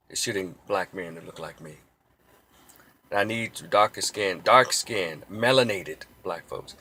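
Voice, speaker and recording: A man delivering a heated, preachy opinion monologue as a commentator. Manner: heated, preachy, mocks quoted cops in a shrill yell.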